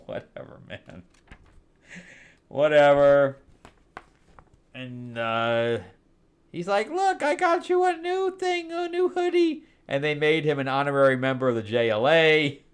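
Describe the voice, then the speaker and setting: A man in a mid-range voice hosting a loose, chatty comic review. He rambles through the plots with sarcastic asides and frequent chuckles. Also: medium pitch. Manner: rambling, sarcastic, laughs often. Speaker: comic book reviewer, host. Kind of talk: casual review chat.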